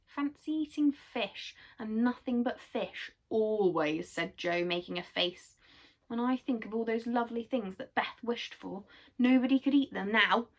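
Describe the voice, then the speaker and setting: A woman's voice: on the high side, a little slow. A woman voicing a sensible, grumbling boy in a storybook. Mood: complaining.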